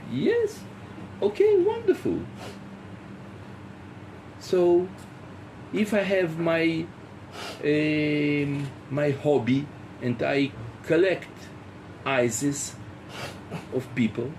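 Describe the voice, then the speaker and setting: A man teaching as a rabbi in a philosophy lecture, halting with many fillers and acting out little dialogues. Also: on the high side, steady tone, a little mellow, slight background noise. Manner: rhetorical, acts out dialogues.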